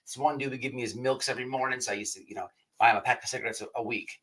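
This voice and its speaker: A man's voice: mid-range voice, fairly even intonation, racing, a bit bright, low-quality recording. A man telling a rambling, profanity-laced story to his livestream audience as the show's host. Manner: rambling, repeats himself, swears often. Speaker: podcast host.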